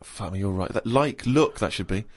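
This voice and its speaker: A man reading a diary aloud in a studio podcast, mocking it with plenty of giggles. His pitch swings widely as he teases. The delivery is loose, chatty banter. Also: expressive, moderate pace. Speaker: podcast host.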